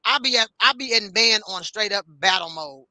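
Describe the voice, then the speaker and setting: A woman's voice: medium pitch, lively intonation, normal speed, sharp tone, dry recording. A woman in her forties co-hosting a casual chat, blunt and profane, telling stories with animation. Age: 40s. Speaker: co-host.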